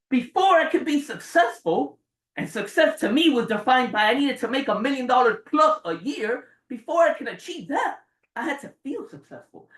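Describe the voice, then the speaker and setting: A man in his forties giving a motivational speech to a live audience, dramatic and swearing, jumping between loud bursts and hushed low lines. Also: far from the mic. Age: 40s. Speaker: motivational speaker. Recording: roomy sound from away from the mic.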